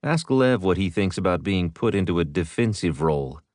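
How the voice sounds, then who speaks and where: A man's voice: sits low, animated, normal speed, darkish tone, no room sound, studio quality. A man doing a blunt military major. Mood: firm. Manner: blunt, commanding. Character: blunt male military major, team leader.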